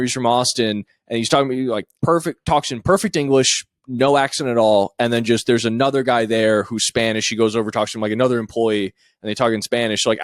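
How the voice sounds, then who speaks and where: A young man on a podcast telling a rambling story, with many fillers and quick impressions of other people. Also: mid-range voice, no echo, studio quality. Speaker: podcast co-host. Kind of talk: casual storytelling chat.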